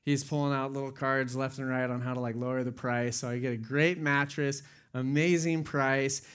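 A young man preaching in a relaxed, conversational sermon. He tells stories loosely, with fillers and laughter in his voice, and his pitch sits in an ordinary middle range. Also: normal speed, clear, resonant tone. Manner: casual, storytelling with laughs and quoted dialogue. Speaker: pastor. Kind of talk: sermon with personal story.

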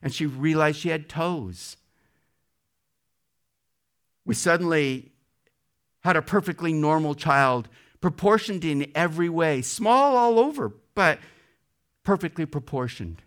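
A man delivers a sermon-style testimony in a bright, slightly raised voice. He tells the story dramatically and lifts sharply in pitch and volume when quoting prayer. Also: lively intonation, a little slow, long pauses.

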